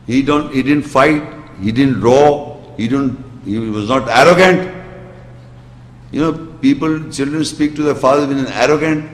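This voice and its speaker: A man's voice: mid-range voice, measured pace. Emphatic male lecturer in an echoing hall. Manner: emphatic, recites Arabic verses. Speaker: Islamic lecturer. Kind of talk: religious lecture. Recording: echoey hall reverb.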